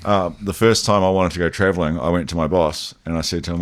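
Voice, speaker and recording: Kiwi male guest, low voice, relaxed storyteller, voices others in quotes. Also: fast talker. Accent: New Zealand. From New Zealand. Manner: animated, lifts his voice for quoted dialogue. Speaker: guest, BMX rider. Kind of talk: casual storytelling chat.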